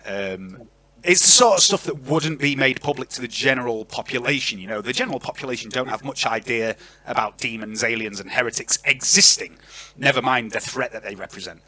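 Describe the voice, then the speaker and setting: A man narrating as game master of a tabletop game, chatty and lively, on an online voice call. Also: medium pitch. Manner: lively, chatty, filler-heavy.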